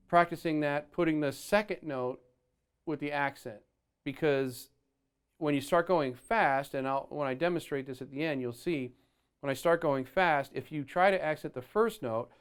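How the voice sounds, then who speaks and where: A man's voice: a little high, normal speed, music in the background. A man teaching foot technique on the drums, explaining step by step and counting beats and singing out rhythms aloud. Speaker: drum teacher. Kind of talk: instructional drum lesson. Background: faint drums and click track.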